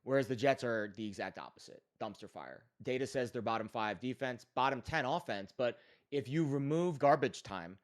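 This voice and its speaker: A man's voice: medium pitch, lively intonation, moderate pace. A man co-hosting a sports betting podcast, giving emphatic, opinionated analysis in a casual chat with frequent fillers.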